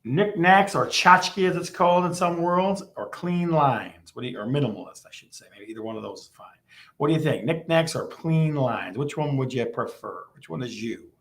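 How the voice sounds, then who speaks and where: A man's voice: on the high side, normal speed. Teasing male live-stream host. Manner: teasing, animated, repeats questions to the chat. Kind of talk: live stream chat with viewers.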